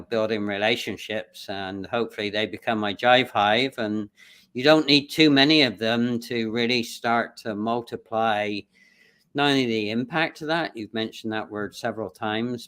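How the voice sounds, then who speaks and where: Easygoing male interview host, smooth voice. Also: fairly low pitch, a bit bright. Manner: easygoing, encouraging, chatty. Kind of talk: casual interview chat.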